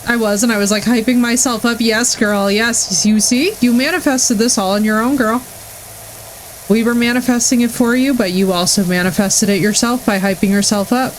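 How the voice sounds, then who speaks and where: Gushing, excitable woman streamer. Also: on the high side, normal speed, slight background noise, rough recording. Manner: gushing, effusive and excitable, talking to chat. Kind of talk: casual live-stream chat.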